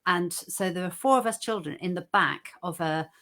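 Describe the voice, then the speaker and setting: English woman, low gentle voice, soft reminiscing, video call. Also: normal speed. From England. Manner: gentle, reminiscing, laughing softly. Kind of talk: casual online group chat.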